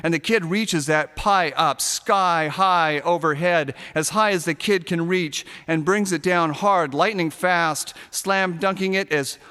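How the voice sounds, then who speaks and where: A man reads a first-person story aloud in a sardonic, darkly comic voice and lets some punchlines burst out as shouts. His voice sits a little high and sounds smooth and resonant. A long reverb trails behind his words. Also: measured pace, few pauses. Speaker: narrator reading a short story.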